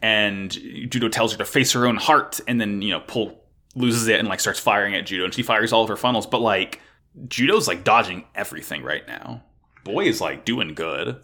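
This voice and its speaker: At a moderate pace and fairly low pitch, a man co-hosting a podcast chats casually through an anime episode recap. He gets animated, curses often, and performs the characters' dialogue.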